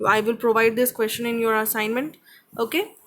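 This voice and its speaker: A woman's voice: a little high, fairly even intonation, brisk, a bit bright, poor audio. A woman teacher with an Indian English accent giving a grammar lesson, explaining patiently and checking with "okay?" after each point.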